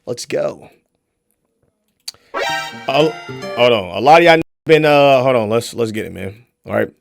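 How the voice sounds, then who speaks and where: A young man streaming a casual reaction video, profane and mocking, swinging into shouts. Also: medium pitch, expressive, unhurried, creaky, faint music behind.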